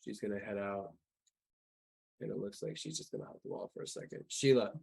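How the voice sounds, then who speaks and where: A man's voice: fairly low pitch, fairly quick, vocal fry, a little mellow, husky, poor audio. Rambling, profane male game master. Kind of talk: narrating a tabletop game.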